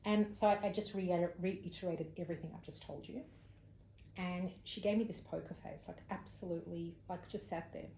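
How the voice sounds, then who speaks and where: A woman's voice: lowish voice, moderate pace, gravelly. An Australian woman, a psychic medium as an interview guest, telling a personal story in casual conversation and acting out the people she quotes. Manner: animated storyteller, acts out quoted speech. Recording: echoey room with faint ambient noise.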